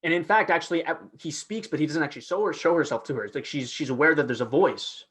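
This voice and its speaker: A man's voice: on the high side, quick pace, breathy edge. Chatty man explaining, restarting often. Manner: animated, many restarts and fillers. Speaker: guest actor. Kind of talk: casual teaching chat.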